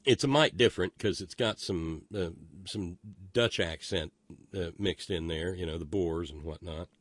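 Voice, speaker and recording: A man's voice: deep voice, moderate pace, dry recording. A man hosting a podcast, giving sardonic, profane political commentary that rambles with many restarts. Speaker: podcast host.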